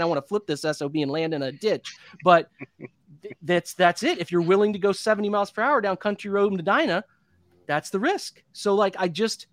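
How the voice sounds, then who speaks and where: A man's voice: sits high, fairly bright tone, dry recording, studio quality. A man in his thirties hosting a postgame sports show, venting in an impassioned, repetitive rant. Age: 30s. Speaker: podcast host.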